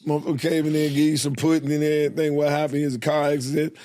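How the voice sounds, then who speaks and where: A man's voice: on the high side, level tone, racing, noisy background. A man, a guest comedian, telling stories in casual chat, laid-back and profane, laughing as he talks.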